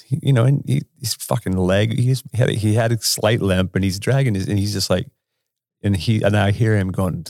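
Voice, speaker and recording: A man's voice: deep voice, creaky, darkish tone, dry recording, studio quality. A man casually telling a rambling, profane travel anecdote, laughing often as he goes. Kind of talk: casual storytelling.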